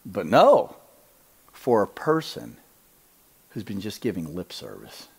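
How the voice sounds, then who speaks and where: A man teaching on scripture in an animated preaching style. He talks emphatically, often asks his listeners whether they see his point, and drops to a hushed voice to stress a line. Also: fairly low pitch, slow pace, vocal fry, slightly rough. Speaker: Bible teacher.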